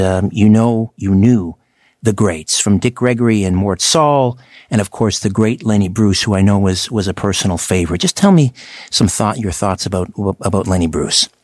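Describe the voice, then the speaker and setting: A man hosting an interview, asking questions in a halting, hesitant way. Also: mid-range voice, a little mellow, dry recording, studio quality. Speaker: host.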